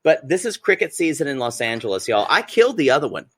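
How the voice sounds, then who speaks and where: A man's voice: medium pitch, very animated, fast talker, a bit bright, slightly rough. A man co-hosting a podcast from home, giggly and rambling with plenty of fillers. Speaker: podcast co-host. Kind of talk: casual chat.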